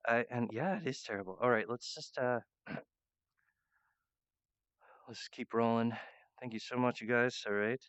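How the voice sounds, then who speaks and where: A man's voice: medium pitch, steady tone, moderate pace, long pauses, fairly bright tone, clear, resonant tone, no room sound, muffled recording. A man talking in a rambling monologue, hesitant and full of fillers and restarts. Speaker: channel host.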